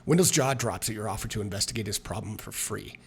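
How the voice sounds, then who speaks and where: A man's voice: lowish voice, fast talker, creaky, slightly rough. A man reading a solo tabletop adventure aloud, with chatty, self-mocking asides between passages. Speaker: solo tabletop game player and narrator.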